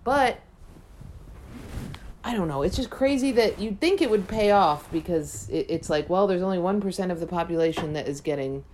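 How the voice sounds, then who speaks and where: A young woman from upstate New York chatting casually as a co-host, blunt and animated, swearing freely. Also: fairly low pitch, moderate pace. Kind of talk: casual chat. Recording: faint background noise.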